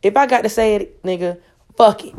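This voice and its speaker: A woman speaking delivers a casual motivational monologue. She is emphatic and profane, circling back to the same phrases again and again to press them home. Her voice sits at an ordinary middle pitch. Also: moderate pace, a little mellow. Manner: profane, emphatic and preachy, with much repetition. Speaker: vlogger.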